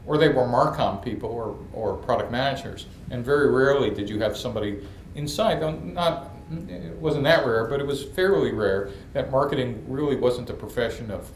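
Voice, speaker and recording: A man's voice: medium pitch, a little hiss or hum. A man from New York, telling funny stories as an entrepreneur guest. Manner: lively, humorous storyteller. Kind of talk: storytelling interview. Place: event stage. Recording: echoey room from a distance, faint ambience.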